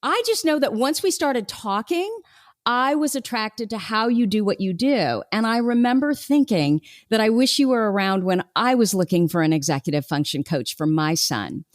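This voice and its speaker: A woman's voice: on the high side, expressive, normal speed, dry recording, clean studio sound. A woman in her forties hosting a podcast, chatting casually and laughing often. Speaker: podcast host. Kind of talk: casual interview chat.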